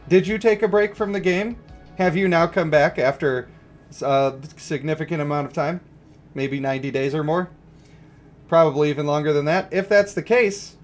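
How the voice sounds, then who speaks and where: A man giving casual, joking livestream commentary on a mobile game and greeting viewers. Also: a little high. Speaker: gaming streamer.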